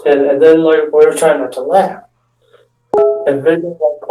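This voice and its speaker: A young man telling a prank story in a rambling, stop-start way, often acting out what people said. His voice sits a bit high and sounds soft and mellow. He is picked up from a distance in an echoey room. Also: steady tone, normal speed, pauses often, faint music behind. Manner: rambling, restarts often, acts out quotes. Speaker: stand-up comedian telling a story.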